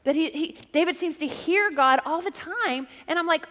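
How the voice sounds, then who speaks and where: Middle-aged female pastor, high voice, lively joking sermon, long hall reverb. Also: moderate pace. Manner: animated, joking storyteller. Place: church hall.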